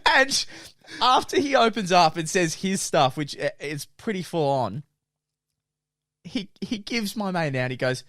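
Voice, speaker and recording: A man's voice: unhurried, no echo, clean studio sound. A man co-hosting a podcast, telling a funny story with lots of laughing and acted-out quotes from his friends. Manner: animated, laughs through his own story; acts out friends' lines in lowered quoted voices. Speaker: podcast co-host. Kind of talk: casual storytelling chat.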